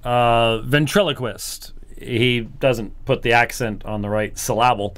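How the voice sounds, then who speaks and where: A man commenting on a recorded lecture, rebutting it in an incredulous, animated way. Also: medium pitch, a little slow. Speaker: Christian apologist commentator.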